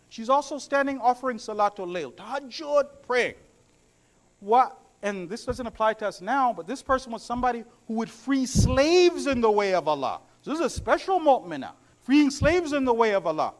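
A man's voice: very high voice, sing-song, normal speed, fairly bright tone. A man preaching a sermon to his congregation, mixing humorous stories with recited Arabic verses.

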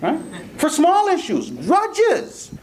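Animated high-pitched male preacher. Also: takes it slowly, a little hiss or hum. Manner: animated storyteller, often asking "right?". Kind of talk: Ramadan sermon with humorous anecdote.

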